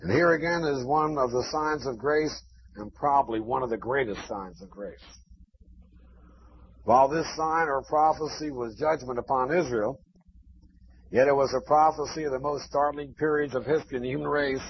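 A man's voice: mid-range voice, normal speed, slight background noise. A man preaching a sermon, emphatic and chanting repeated phrases. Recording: dull lo-fi recording.

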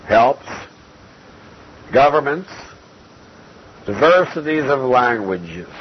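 Male Bible teacher, measured and methodical, middle pitch, muffled lo-fi tape with light hiss. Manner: measured, methodical, quotes scripture verse by verse. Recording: dull lo-fi recording with faint hiss.

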